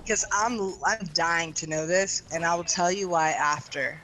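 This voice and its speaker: A woman's voice: fairly low pitch, a little slow, fairly bright tone, slight background noise, poor audio. A woman streaming a game, chatting casually with her teammates. She swears freely and laughs often. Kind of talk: casual gaming chat.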